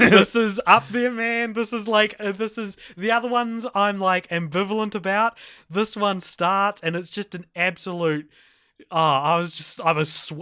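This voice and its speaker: Rambling podcast co-host, bright and forceful, dry close mic. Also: male voice, high-pitched, clear, resonant tone, no echo. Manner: animated, rambling, laughs often. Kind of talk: casual film review chat.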